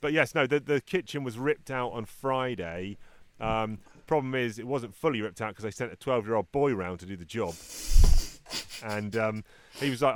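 A man's voice: on the low side, moderate pace, a bit bright, slight background noise. A man co-hosting a podcast, rambling through anecdotes in casual chat and acting out the people he quotes. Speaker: podcast co-host.

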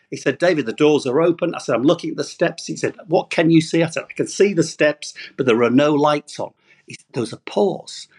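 A middle-aged man telling a lively anecdote as a podcast guest, laughing at himself as he goes. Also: a little high, breathy edge.

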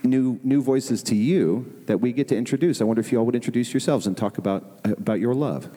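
A man's voice: mid-range voice, brisk, warm tone. Upbeat man hosting a live panel. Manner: upbeat, thanking and introducing guests. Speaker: podcast co-host. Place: convention hall with live audience. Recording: live hall recording with long reverb and crowd.

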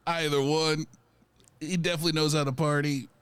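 A man's voice: fairly high pitch, level tone, a little fast, fairly bright tone, smooth, dry recording. A man co-hosting a casual podcast chat, rambling and enthusiastic with lots of fillers.

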